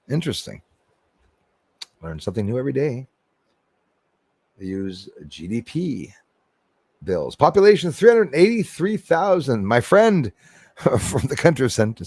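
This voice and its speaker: Fairly low and slightly rough, this man's darkish voice belongs to a livestream host reading viewer comments out loud. He's chatty, laughs a lot, and makes jokes at his own expense.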